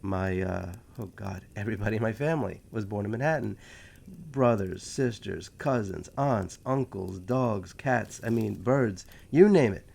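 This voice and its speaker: A man's voice: fairly low pitch, unhurried, vocal fry, darkish tone. A man with a New York accent, hosting his history channel in a chatty, joking monologue full of self-aware asides. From New York City. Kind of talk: casual rambling monologue.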